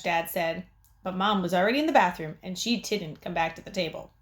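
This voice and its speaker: A woman teacher reading a chapter book aloud to her class, with expressive, clear storytelling. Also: lowish voice, brisk.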